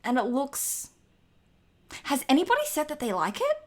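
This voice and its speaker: A woman's voice: high-pitched, huge pitch swings, moderate pace. A woman co-hosting a podcast in casual chat, talkative, swearing freely and laughing often. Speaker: podcast co-host.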